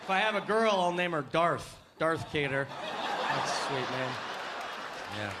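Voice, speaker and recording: A man from the United States performing a stand-up comedy set, with punchy delivery that climbs to shouts on punchlines, recorded live on a handheld mic. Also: a little high, animated, a little slow, very noisy. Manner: punchy, acts out voices and rises to shouting on punchlines. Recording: live club, loud crowd and laughter.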